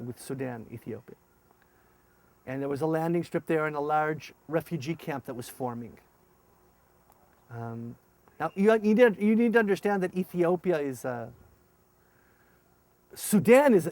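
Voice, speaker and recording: A middle-aged man, a former paratrooper officer telling his story and acting out dialogue. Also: on the high side. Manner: animated, acts out dialogue in raised voices. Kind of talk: storytelling testimony.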